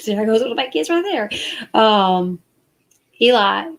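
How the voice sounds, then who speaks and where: Chatty woman with a gravelly voice. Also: a little high, animated, unhurried, long pauses. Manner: chatty, rambling, defensive. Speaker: live stream host. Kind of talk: casual chat with live chat. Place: parked car at night.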